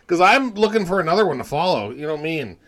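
A man's voice: a little high, big pitch swings, quick pace, fairly bright tone. A man from Canada co-hosting a casual beer-tasting chat, joking around and swearing casually. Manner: joking, swears casually, goofy repeated words. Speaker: podcast co-host.

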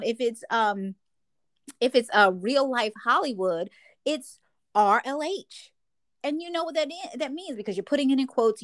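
An older woman co-hosting a casual chat, telling stories animatedly and acting out her own reactions. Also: no echo. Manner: animated storyteller, acts out her own reactions with big pitch jumps. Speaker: podcast co-host.

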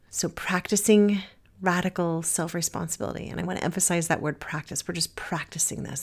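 A woman with a slightly low voice hosts a self-help podcast in an earnest, gentle manner. She moves between heartfelt reflective talk and slow, soothing guidance through a relaxation exercise. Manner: earnest, gentle, slows to a soft soothing pace when guiding. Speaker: podcast host and wellness teacher.

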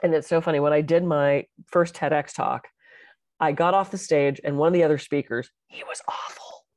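A middle-aged woman with a slightly low voice, talking in a lively, animated way as she tells stories in a casual podcast chat. Her voice is close and dry, with no room echo. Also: a little fast. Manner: animated, expressive storyteller. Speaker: podcast co-host and public speaker.

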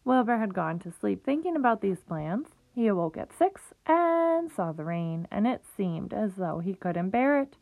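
A woman reading a children's book aloud in a lively way, with small slips and restarts, on a tinny phone-like recording. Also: medium pitch, moderate pace, creaky, few pauses, dry recording. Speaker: reader.

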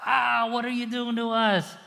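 A man voicing a whiny, complaining band of hungry desert wanderers, pitching his voice up to grumble. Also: little pitch movement, a little slow, creaky, bright, forceful tone, long reverb tail, heavily acted, rough recording. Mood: grumbling. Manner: whining, higher-pitched.

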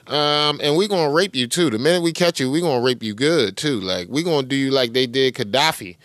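A man's voice: mid-range voice, animated, fairly quick, hardly any pauses, a bit bright, dry recording. A man hosting a podcast, ranting in crude street slang and mocking the clips he plays. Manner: angry, crude, street slang, repeats clip words back mockingly. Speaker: podcast host. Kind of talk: profane commentary rant over played clips.

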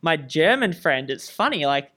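A man's voice: on the high side, very animated, normal speed, bright, forceful tone. A young Australian man and student athlete, chatting casually and telling stories with frequent laughs and fillers. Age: young adult. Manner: laughing often, story-telling, lots of fillers. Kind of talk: casual chat.

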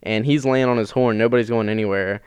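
A man's voice: medium pitch, steady tone, fast talker, a little mellow, smooth, dry recording. A man co-hosting a podcast, chatting casually and teasing his friend with jokes. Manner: joking, teasing banter. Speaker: podcast co-host. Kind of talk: casual chat.

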